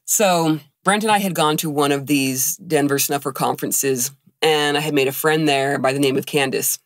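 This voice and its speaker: A woman's voice: low-pitched, normal speed, dry recording, clean studio sound. Woman telling a candid personal story. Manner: candid, emotional storytelling with frequent quoted dialogue. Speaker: podcast co-host.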